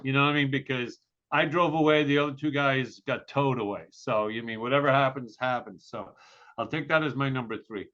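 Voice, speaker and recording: A man's voice: medium pitch, a little fast, a bit bright. A man co-hosting a podcast, telling a story in casual chat, acting out the quotes and laughing often. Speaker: podcast co-host. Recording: dull lo-fi sound.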